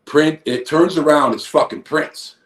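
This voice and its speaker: A man's voice: a little high, a little slow. A man in his fifties, a former wrestler, telling a long rambling story full of profanity. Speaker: guest, former pro wrestler. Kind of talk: casual storytelling. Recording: echoey room.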